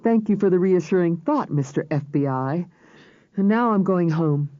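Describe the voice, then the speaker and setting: A male narrator voicing a sharp-tongued woman medical examiner, lifting his pitch for her crisp retorts. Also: lively intonation, moderate pace, no room sound. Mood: flustered retort. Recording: slightly dull audiobook recording.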